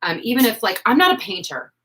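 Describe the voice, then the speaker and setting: A woman's voice: fairly high pitch, big pitch swings, quick pace, fairly bright tone, low-quality recording. A woman in her forties chatting casually on a livestream, rambling with lots of "like" and "um". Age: 40s. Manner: rambling, full of "like" and "um". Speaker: livestream host. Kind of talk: casual live chat.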